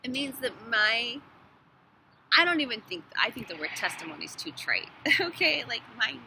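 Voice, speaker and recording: Animated woman talking, with background noise. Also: on the high side, moderate pace, creaky, poor audio. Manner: animated, swears, laughs between thoughts. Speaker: hairstylist vlogger. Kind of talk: casual phone monologue.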